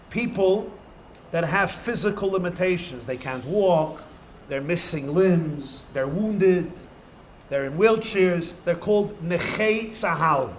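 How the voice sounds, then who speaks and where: A man, a rabbi, telling stories to children in an animated way, stretching key words for emphasis. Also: sits high, a little hiss or hum. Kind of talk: storytelling talk to children.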